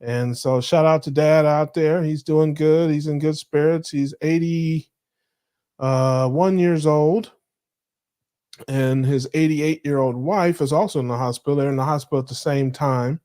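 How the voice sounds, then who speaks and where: A man's voice: fairly high pitch, steady tone, unhurried, warm tone, smooth. A man co-hosting a live diet chat show over a video call, joking, teasing and laughing often. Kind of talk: casual live-stream chat.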